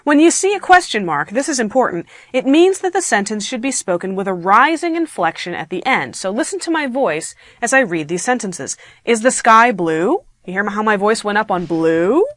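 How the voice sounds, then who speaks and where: A woman teaching an online grammar lesson in a playful, animated way, acting out her example sentences. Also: mid-range voice, fairly quick, few pauses, no echo. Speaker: grammar instructor.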